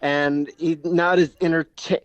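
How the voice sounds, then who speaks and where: A male podcast co-host who talks casually and rambles, filling his sentences with "like" and "uh" as he searches for words. His voice sits a little high for a man. The recording is dry and close. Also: level tone, unhurried, no room sound, muffled recording. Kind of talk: casual chat.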